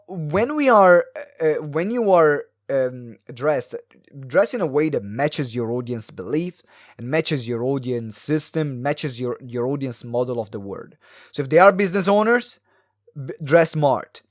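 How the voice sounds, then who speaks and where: A man hosting a solo live video talk for entrepreneurs, animated and fast-talking, swinging his pitch and pace, with many ums and uhs. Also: no echo, studio quality. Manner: animated, varies pace and pitch with frequent fillers. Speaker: podcast host. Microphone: close mic, live video stream.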